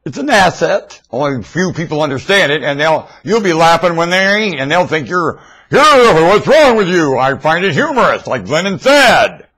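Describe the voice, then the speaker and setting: A man recorded on a webcam mic at home, rambling in a monologue that swings between loud outbursts and mumbling. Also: on the high side, very animated, normal speed, hardly any pauses, husky.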